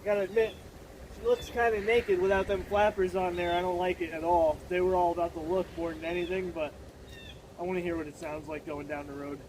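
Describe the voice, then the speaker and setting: Guy from new york doing a goofy put-on drawl, kinda high voice, casual vlog outside with engine noise all around. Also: little pitch movement, a little fast, darkish tone, poor audio. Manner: put-on folksy drawl that wanders. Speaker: channel host. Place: outdoors beside a diesel truck. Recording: outdoor engine and traffic noise.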